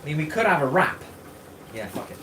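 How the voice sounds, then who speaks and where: A man's voice: on the high side, big pitch swings, a little fast, very noisy. A man hosting a live stream in casual chat, rambling, swearing and greeting viewers by name.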